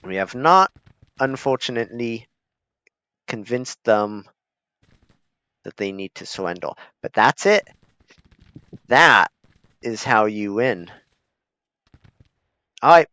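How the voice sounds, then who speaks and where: Laid-back, slow-talking male gamer. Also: mid-range voice, animated, a bit bright, smooth, no echo. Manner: laid-back, chuckling, self-deprecating. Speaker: gaming streamer. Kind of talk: strategy gameplay commentary. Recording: slightly dull lo-fi recording.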